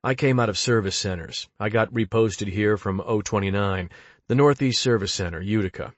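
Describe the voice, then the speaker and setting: A man reading an audiobook, delivering monologues in a conversational, deadpan and wry manner. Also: on the low side, normal speed, dry recording, muffled recording. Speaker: audiobook narrator.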